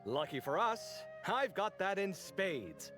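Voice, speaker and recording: An actor voicing an expressive, easily indignant young architect in a game, full of quick banter. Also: male voice, high voice, faint music behind, exaggerated voice. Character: dramatic, sociable young male architect. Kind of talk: game voice acting.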